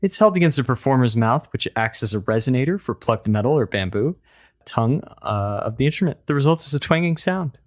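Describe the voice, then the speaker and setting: Male co-host, deadpan and mock-serious, mid-pitched voice. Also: fairly quick. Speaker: podcast co-host. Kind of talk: casual comedic chat.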